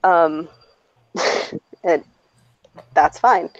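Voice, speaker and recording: A woman's voice: fairly low pitch, drawn-out words, no echo. Blunt, swearing woman on a dull mic. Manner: blunt, swears freely, laughs often while talking. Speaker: streamer host. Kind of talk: casual storytelling chat. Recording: dull lo-fi dry recording.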